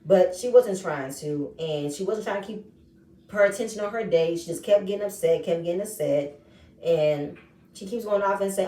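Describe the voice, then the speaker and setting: A woman recapping a reality show episode in casual, animated commentary, acting out the quoted lines in changing voices. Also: medium pitch, moderate pace, far from the mic. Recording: echoey room, voice set back from mic.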